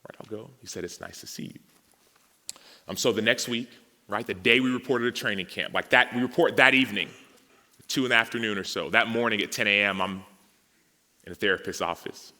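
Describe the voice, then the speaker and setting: A man's voice: fairly low pitch, fairly quick. A man, giving a personal testimony at a men's gathering and acting out the conversations he recounts. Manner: storytelling, acts out dialogue, grows emotional and animated. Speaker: speaker at a men's summit. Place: large hall with audience. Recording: reverberant hall.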